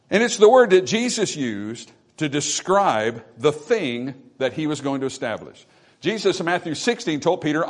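A man's voice: on the high side, very animated, moderate pace. A man preaching a sermon from the pulpit, emphatic and repetitive, calling out "amen" to the congregation. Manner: repeats phrases for emphasis. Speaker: pastor.

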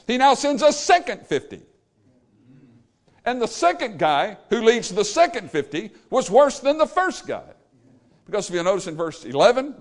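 A man preaching a sermon, emphatic and animated, paraphrasing scripture and acting out the quotes. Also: sits high. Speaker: pastor.

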